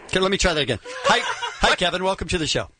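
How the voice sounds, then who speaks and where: A man hosting a radio call-in show, briskly welcoming and moving callers along. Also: high voice, animated, sharp tone, a little hiss or hum. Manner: brisk, steering calls along. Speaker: radio host.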